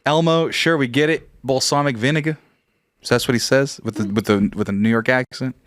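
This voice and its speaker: A man co-hosting a comedy podcast, quick, joking and profane in casual banter. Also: medium pitch, fairly even intonation, fairly bright tone, dry recording, clean studio sound. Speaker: podcast co-host.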